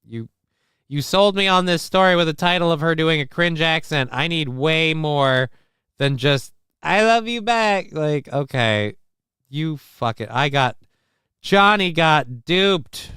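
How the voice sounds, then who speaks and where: A man's voice: on the high side, unhurried, pushed and bright, clear, resonant tone, no echo, studio quality. Crude rambling male livestream host. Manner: crude, rambling, reads chat aloud. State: feeling sick. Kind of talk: casual livestream commentary.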